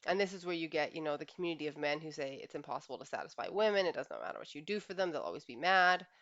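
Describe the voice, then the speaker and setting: A woman's voice: low-pitched, lively intonation, racing, fairly bright tone, dry recording, lo-fi sound. A woman relationship coach giving an earnest reflective monologue, often sighing. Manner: earnest, with frequent sighs.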